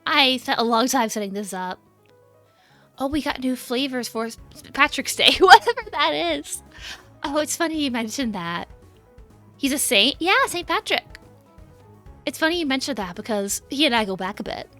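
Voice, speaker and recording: A young woman with a high, bright voice chats casually on a livestream, giggly and bubbly as she greets viewers. Her tone is crisp and forward on a desk mic. Faint music plays underneath. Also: expressive, moderate pace. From United States. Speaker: VTuber streamer. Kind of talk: casual stream chat.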